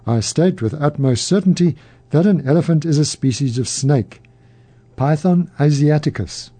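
A man's voice: on the high side, moderate pace, dark tone, husky. A man voicing a pompous blind man who speaks like a self-assured expert, in a storybook reading.

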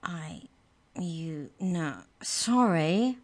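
A nervous young boy who mumbles and stammers when scared, as a woman reading a storybook puts him on. His voice sits a little higher than her own low reading voice. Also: slow pace, fairly bright tone. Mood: timid. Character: timid startled boy.

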